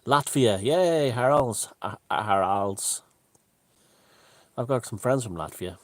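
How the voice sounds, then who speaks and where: A man's voice: fairly low pitch, measured pace, dry recording. Chatty man on a live stream. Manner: relaxed, chatty, greets viewers by name. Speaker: livestream host. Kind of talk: casual live-stream chat reading viewer comments. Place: room at home with the window open.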